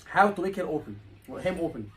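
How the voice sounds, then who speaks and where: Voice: mid-range voice, big pitch swings, quick pace, slight background noise, low-quality recording. A tutor coaching a room of students, repeating key points and asking rhetorical questions. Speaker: exam tutor. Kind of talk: live teaching session.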